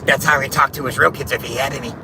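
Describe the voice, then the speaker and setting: A man's voice: mid-range voice, fairly even intonation, quick pace, creaky. A man chatting while driving, cursing a lot and laughing at his own joke. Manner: profane, laughing, self-amused. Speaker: vlogger. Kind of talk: casual chat while driving. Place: inside a car. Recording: car engine noise.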